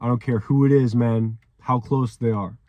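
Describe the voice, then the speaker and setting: A man's voice: mid-range voice, fairly even intonation, moderate pace, no room sound, lo-fi sound. A young man giving an emotional, profanity-laced motivational monologue, often ending sentences with "man", with repeated phrases. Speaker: vlogger.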